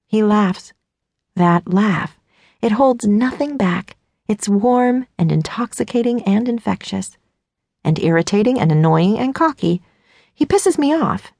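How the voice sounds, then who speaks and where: A woman narrates a first-person audiobook, her tone self-mocking and a bit flustered. Her voice carries a gravelly fry at mid pitch. The sound is dry and close to the mic. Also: expressive, moderate pace, dark tone, no room sound.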